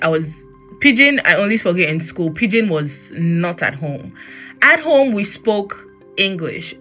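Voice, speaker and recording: Chatty Nigerian woman, bright voice. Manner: chatty, switching into Pidgin, acting out quotes in a high voice. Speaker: podcast host. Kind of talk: personal podcast monologue.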